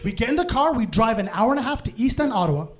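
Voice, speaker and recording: A man doing live stand-up on a comedy stage, telling a long story in a lively way. His voice sits high for a man. He slips into other people's voices and breaks into sudden shouts. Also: rapid-fire. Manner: animated, acts out voices, bursts into shouts.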